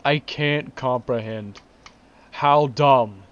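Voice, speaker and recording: A man's voice: medium pitch, very slow, fairly bright tone. A man in a casual vlog, ranting in exasperated disbelief, repeating himself and laughing. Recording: dull lo-fi recording.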